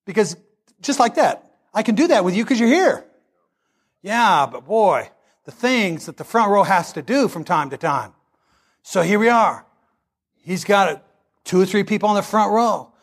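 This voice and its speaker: A man preaching a sermon, telling a story with animated delivery that builds into shouting. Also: high-pitched, a little slow, pauses often, breathy edge.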